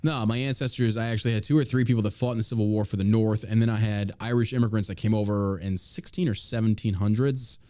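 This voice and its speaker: A man's voice: on the low side, steady tone, fast talker, hardly any pauses, mellow. A man hosting a podcast, ranting in casual political commentary with lots of swearing and mockery. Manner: profane, ranting, mocking. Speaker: podcast host.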